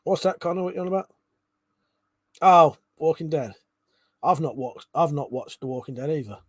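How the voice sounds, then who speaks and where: This livestream host's voice sits on the high side and sounds husky, moving at a moderate pace over a dry recording. He reads chat comments out loud in a casual way, laughing and cursing without restraint.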